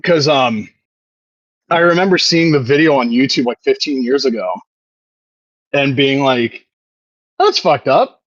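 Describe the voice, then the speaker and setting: A man's voice: medium pitch, measured pace, long pauses, no echo, lo-fi sound. A man in his thirties co-hosting a podcast, chatting casually, rambling and swearing, often laughing. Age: 30s. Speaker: podcast co-host. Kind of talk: casual chat.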